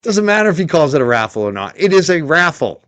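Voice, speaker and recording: A male stream host mocks and rants in a sarcastic running commentary. His voice sits a bit high for a man and sounds dry and close, with no room around it. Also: sing-song, fast, fairly bright tone, clean tone, dry recording. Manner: sarcastic, mocking, ranting. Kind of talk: livestream commentary.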